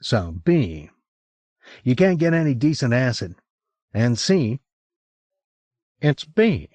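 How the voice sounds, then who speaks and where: A man's voice: medium pitch, sing-song, takes it slowly, darkish tone, no echo, pitched above the performer's own voice. A man doing a crude mocking male sidekick. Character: loose-talking male photographer's assistant, crude and mocking. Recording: dull lo-fi cassette recording.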